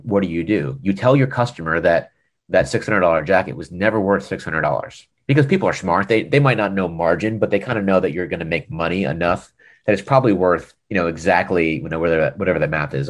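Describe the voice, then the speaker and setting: Deep-voiced American man telling a story. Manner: animated storyteller, acts out quoted dialogue. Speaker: former e-commerce director, podcast guest. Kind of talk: casual storytelling interview.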